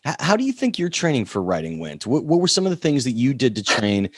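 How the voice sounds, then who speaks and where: A man's voice: medium pitch, wildly swooping pitch, fast talker, slightly rough, no echo, studio quality. A man hosting an interview, asking curious questions and jumping in to interject. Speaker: interview host.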